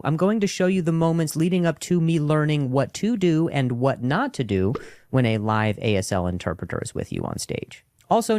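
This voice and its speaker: A man's voice: a little high, a little mellow, dry recording, studio quality. A man introducing his own comedy clip to viewers, stuttering and joking about it. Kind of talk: casual direct-to-camera intro.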